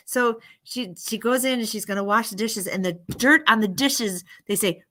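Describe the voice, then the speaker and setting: A woman's voice: medium pitch, a little fast, hardly any pauses, pushed and bright. A woman casually retelling a bedtime story on a live stream, rambling with laughing asides. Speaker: livestream host.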